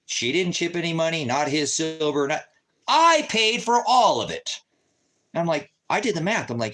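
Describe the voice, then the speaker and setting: Fired-up guy venting a long story, voice jumping all over, kinda high, swears a lot. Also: lively intonation, moderate pace, a bit bright. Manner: agitated, profane, retells arguments in quoted voices. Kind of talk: casual rant.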